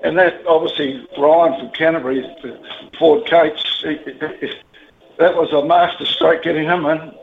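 Over a tinny, thin telephone line, a radio caller with a New Zealand accent speaks in a steady, slightly high voice with vocal fry and a moderate pace. He's blunt and rambling, openly emotional, and drops casual swearing.

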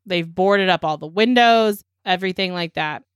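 A woman's voice: lowish voice, moderate pace, clear, resonant tone, dry recording. A woman hosting a podcast, casually recapping a movie with lots of swearing and acted-out lines. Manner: animated, swears freely, acts out characters' lines. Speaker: podcast host.

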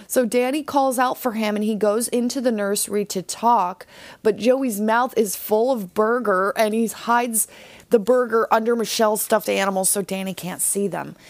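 A woman's voice: mid-range voice, no room sound. A young woman hosting a podcast, recapping a TV episode in a chatty, casual way full of fillers. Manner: chatty, lots of "like" and "um". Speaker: podcast host.

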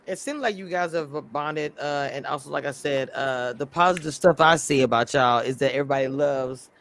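A man hosting a casual interview, relaxed and enthusiastic, often addressing his guests as "y'all". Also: on the high side, normal speed. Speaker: host.

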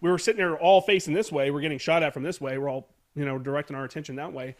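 A man's voice: fairly high pitch, steady tone, rapid-fire. A man from the United States telling a war story as a podcast guest, rambling, swearing and backtracking as he recalls. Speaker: podcast guest, Marine veteran. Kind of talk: casual war storytelling interview.

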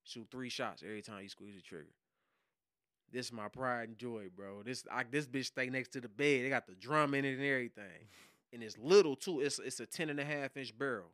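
A man, a podcast guest and hip hop producer, telling a story in casual, profane slang and acting out loud shouted quotes. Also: mid-range voice, fairly quick, no room sound, studio quality. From Detroit.

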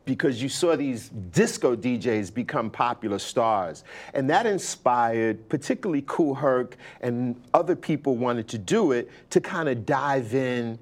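Older man, animated storytelling guest. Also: medium pitch, a little slow. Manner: animated, quotes others in lively bursts. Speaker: interview guest, hip hop pioneer. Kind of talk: conversational storytelling.

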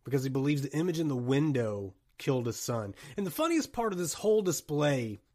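A man hosting a podcast, chatting about a horror film in a rambling, jokey, animated way. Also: on the high side, brisk. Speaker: podcast host. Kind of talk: casual movie chat.

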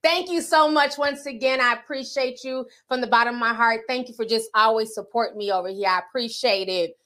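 A woman hosting a livestream podcast, chatting casually and reading super chats in a sassy, animated way. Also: a little high, a little fast. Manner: sassy, animated, calls viewers sis and honey.

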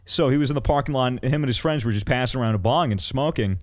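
A man's voice: medium pitch, quick pace. A young man telling stories in casual chat, rambling with fillers, swearing freely and acting out what others said. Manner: acts out quoted people in raised voices. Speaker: podcast co-host.

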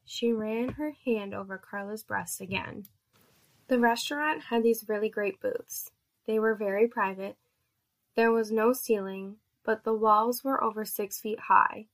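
A woman narrating an erotic story in a steady, measured reading voice. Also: mid-range voice, creaky.

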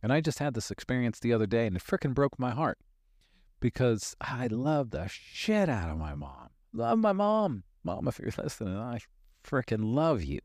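With a medium-pitched voice that swings widely in pitch, this man in his fifties hosts a motivational podcast as a life coach. His moderate pace and slightly mellow tone carry candid, emphatic talk, casual swearing and repeated phrases for emphasis, all in clean studio sound without room ambience.

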